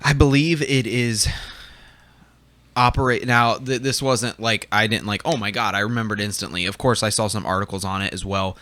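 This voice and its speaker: Man, young adult, podcast co-host, lowish voice, bright tone, dry close sound. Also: fairly even intonation, normal speed, no echo. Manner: chatty, with frequent fillers and restarts. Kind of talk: casual fan discussion.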